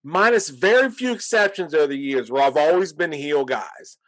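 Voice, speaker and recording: A man co-hosting a wrestling podcast, talking in a rambling, animated way and laughing often. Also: fairly high pitch, moderate pace, rough recording. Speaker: podcast co-host. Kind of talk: casual wrestling podcast chat.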